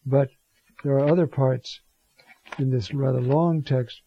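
Gravelly-voiced man explaining scripture. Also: mid-range voice, steady tone, a little slow, a little hiss or hum. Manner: conversational, digressive, keeps saying "you see". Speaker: priest teaching on scripture. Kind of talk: homily-style Bible commentary. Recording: dull lo-fi close mic, dry.

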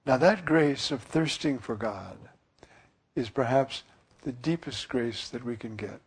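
Male priest preaching slowly; gravelly, husky tone, earnest and musing. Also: medium pitch. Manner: earnest, musing, with frequent fillers. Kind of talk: sermon.

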